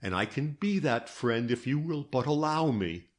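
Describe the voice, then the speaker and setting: A man reading aloud, voicing an elderly detective who speaks gently and soothingly, coaxing and fatherly. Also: a little high, very animated, slow pace, pitched above the performer's own voice. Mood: gentle coaxing. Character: old male detective, fatherly, gentle and shrewd.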